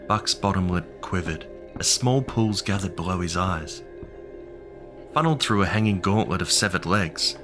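Low-voiced male horror narrator. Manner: measured, ominous storytelling. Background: music.

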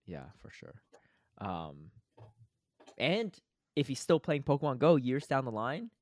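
A man's voice: mid-range voice, sing-song, a little slow, a little mellow, dry recording. A man co-hosting a podcast in loose, laid-back casual chat. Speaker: podcast co-host.

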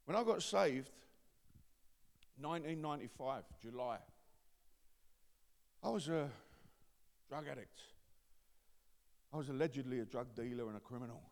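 A man with an East London accent preaching a testimony sermon, dropping to quiet confiding and building to loud shouts. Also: medium pitch, animated, normal speed, gravelly, long pauses. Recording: long hall reverb.

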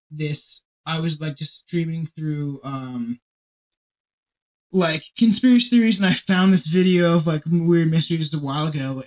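Guy podcasting, kinda high voice, rambly and sweary, gets all worked up. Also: rough recording. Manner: rambling, profane, excitable. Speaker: podcast host. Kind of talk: casual podcast chat.

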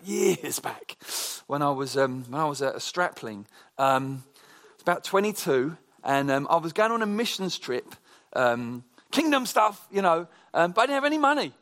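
A man preaching a conversational sermon, telling personal stories in a chatty, animated way with frequent restarts. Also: high-pitched.

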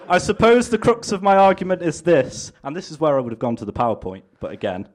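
A man performing a mock political campaign speech on stage, pompous and deadpan, and often breaking into laughter. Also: a little high, a little fast. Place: stage before a live audience.

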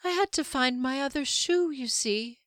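A woman voicing an exhausted village woman who speaks slowly and listlessly in a fantasy audiobook. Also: sits high, fairly bright tone, dry recording, studio quality, pitched above the performer's own voice. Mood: weary. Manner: slow, listless speech.

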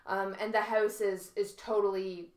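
A woman's voice: mid-range voice, level tone, moderate pace, roomy sound. A woman co-hosting a podcast, rambling casually with many fillers as she retells a film. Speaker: podcast co-host. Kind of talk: casual chat.

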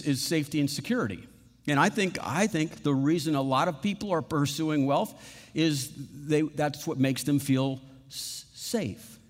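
A man preaching a sermon, animated, acting out little quoted voices and laughing at his own examples. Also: on the high side, in a large hall. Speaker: pastor.

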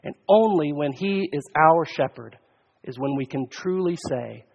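A man preaching a sermon in a slow, deliberate cadence, his voice sitting a little high for a man. His earnest delivery rises to ringing emphasis and sinks to near-quiet. The sound is somewhat dull and trails off in a long church echo. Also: animated, gravelly. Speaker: pastor.

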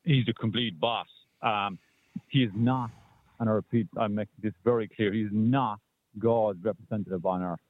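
A man's voice: lowish voice, fairly even intonation. Insistent male caller on a muffled phone line. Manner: insistent, halting with fillers. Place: in a car.

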